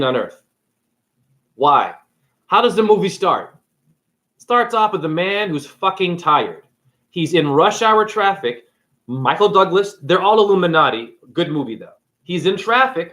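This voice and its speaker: Animated, profane man ranting casually. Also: high voice. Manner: profane, animated, acts out characters. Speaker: spiritual video creator. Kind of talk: casual rant retelling a movie.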